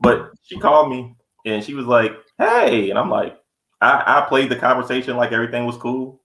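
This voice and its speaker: A man's voice: mid-range voice, lively intonation, normal speed, a bit bright. A young man co-hosting a podcast, telling blunt, profane stories in casual chat. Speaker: podcast co-host. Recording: echoey room.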